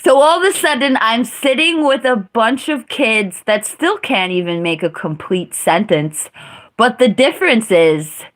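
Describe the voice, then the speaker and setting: A woman's voice: fairly high pitch, expressive, unhurried, a bit bright. A woman live streaming, telling a story in a casual, blunt and profane way.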